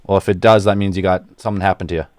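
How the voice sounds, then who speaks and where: A man co-hosting a radio talk show in the studio, loose, jokey and excitable. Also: sits low, rapid-fire, smooth, no echo.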